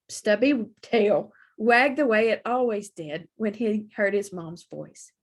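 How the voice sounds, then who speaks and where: A woman librarian reading a children's picture book aloud for storytime, slow and expressive. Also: mid-range voice.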